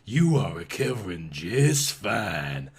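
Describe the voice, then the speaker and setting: Guy putting on a sweet breathy southern nurse lady, low and soft, slow and drawly. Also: sing-song, exaggerated voice. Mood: sweet, soothing.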